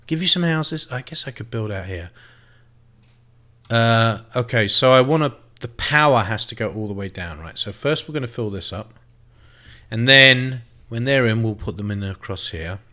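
A man's voice: medium pitch, animated, normal speed, bright, forceful tone. A man giving casual gameplay commentary, thinking aloud and swearing freely as he plays. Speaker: let's play host.

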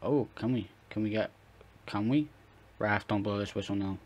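A man commentating live on his football-management game, chatting to viewers and shouting and swearing at the match as it plays. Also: lowish voice, normal speed. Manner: talks to viewers, chatty and rambling. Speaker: gaming YouTuber.

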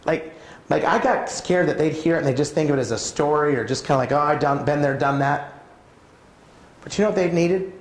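A man's voice: a little high, vocal fry, a little hiss or hum. A man in his thirties speaking as a pastor at a parenting conference, talking casually and often asking the audience questions. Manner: conversational, asks the audience questions. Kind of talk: conference talk. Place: church hall. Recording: echoey church hall.

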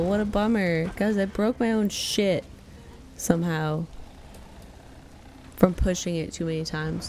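A woman in her thirties chatting casually on a live stream. She swears freely, bursts into loud exclamations, and coos softly to her pet. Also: lowish voice, a little hiss or hum. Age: 30s.

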